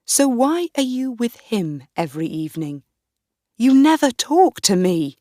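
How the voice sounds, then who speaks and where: A woman voicing a mocking, spiteful young husband who sneers quietly in a story reading. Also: medium pitch, big pitch swings, normal speed, no echo, studio quality, natural voice.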